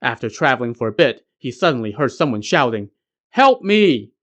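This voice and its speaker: A man's voice: mid-range voice, fast, fairly bright tone. A man narrating a classic legend as a podcast host, with casual joking asides. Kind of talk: scripted story narration.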